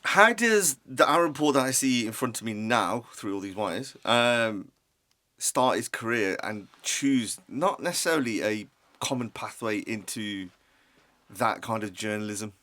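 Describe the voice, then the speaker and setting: A man's voice: fairly low pitch, lively intonation, a little slow, sharp tone. Rambling podcast host, man. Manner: rambling questions with many restarts. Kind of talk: casual interview chat.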